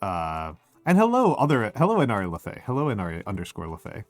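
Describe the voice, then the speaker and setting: A man's voice: fairly low pitch, huge pitch swings, fast, no echo, faint music behind. A middle-aged man streaming, with a scratchy throat, rambling casually and reading chat aloud. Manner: rambling, self-deprecating, reads chat aloud.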